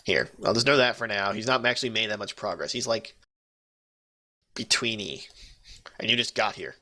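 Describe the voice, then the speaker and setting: A man's voice: lowish voice, moderate pace, bright, forceful tone. A man running a tabletop game as game master, joking and rambling with restarts.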